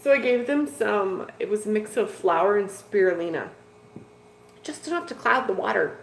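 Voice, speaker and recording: A woman chats casually to her viewers, rambling from one thing to the next with a steady stream of "like" and "dude." Her voice sits at a middle pitch. The room is echoey, with a faint background hum. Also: normal speed, gravelly. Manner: rambling and chatty, with lots of "like" and "dude". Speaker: host of a fish-keeping live stream. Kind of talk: casual live-stream chat, answering viewers. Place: home room with fish tanks.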